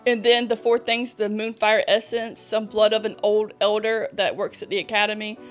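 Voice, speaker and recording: A woman's voice: medium pitch, normal speed, faint music behind. A young woman streamer hosting a podcast, retelling a book plot casually with swearing and acted-out dialogue. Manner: animated storyteller, swears casually, acts out dialogue. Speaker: podcast host, vtuber. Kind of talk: casual book recap chat.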